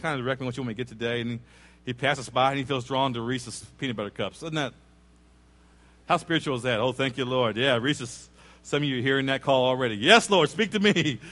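A man preaching a sermon, telling a story with lively acted-out quotes and asides to the congregation. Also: mid-range voice. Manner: animated storyteller, acts out quoted voices, jokes with congregation. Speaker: pastor. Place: church sanctuary.

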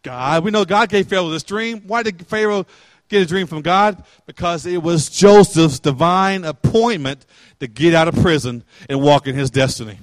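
A man's voice: on the high side, normal speed, no room sound. A male pastor preaching a sermon in a conversational way, asking questions and retelling scripture in everyday words.

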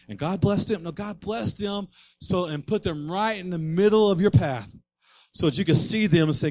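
A man's voice: sits high, moderate pace, darkish tone, no room sound. A man, a pastor, preaching a sermon with rising fervor and repeated refrains.

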